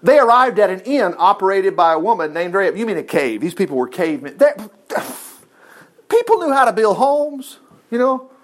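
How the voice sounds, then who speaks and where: A man with a high-pitched voice preaches an informal sermon, retelling Bible stories in a chatty, lively way. He drops in joking asides and acts out the quoted lines as he goes. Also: normal speed.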